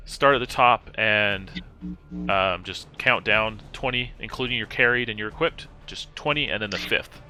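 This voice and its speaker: A man's voice: lowish voice, moderate pace, pushed and bright, soft background music. A man acting as game master in a casual tabletop game session, talking loosely with many fillers and restarts.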